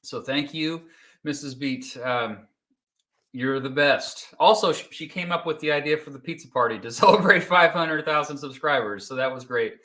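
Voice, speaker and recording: A man in his thirties from Kansas hosting a relaxed livestream, joking and chatting while he eats pizza. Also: a little high, normal speed. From Kansas, United States. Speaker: YouTube host. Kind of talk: casual livestream chat.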